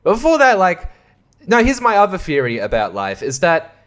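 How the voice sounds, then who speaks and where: A young man hosting a solo podcast, rambling, swearing and laughing, sliding from mumbles into loud outbursts. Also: high voice, very animated, normal speed. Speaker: podcast host.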